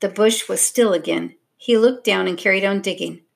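A woman narrating a children's storybook in a steady, expressive reading voice. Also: medium pitch, normal speed, creaky.

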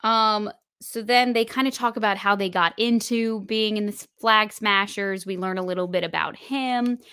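A woman's voice: mid-range voice, fairly even intonation, normal speed, bright, forceful tone, clear, resonant tone, no echo, studio quality. A woman co-hosting a podcast, chatting casually through an episode recap with plenty of fillers. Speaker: podcast co-host. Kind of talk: casual spoiler recap chat.

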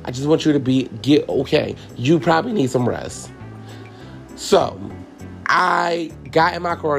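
A man's voice: a little high, vocal fry. A man hosting a podcast, telling a personal story in a candid, profane way, tearful as he talks to his listeners. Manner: candid, profane, repeats himself, addresses listeners as y'all. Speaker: podcast host.

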